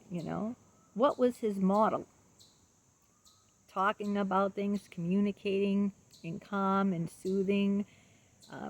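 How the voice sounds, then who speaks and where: A woman in her late fifties speaks in an earnest personal monologue, her voice roughened by a gravelly fry. She stops and restarts often, filling gaps with ums and posing rhetorical questions as she explains. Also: medium pitch, darkish tone. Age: 50s. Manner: halting, with many ums and restarts. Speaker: vlogger.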